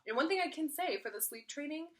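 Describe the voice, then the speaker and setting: A woman's voice: high-pitched, animated, quick pace, fairly bright tone. A young woman talking casually to camera as a mom vlogger, earnest and repeating points for emphasis. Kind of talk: casual advice vlog.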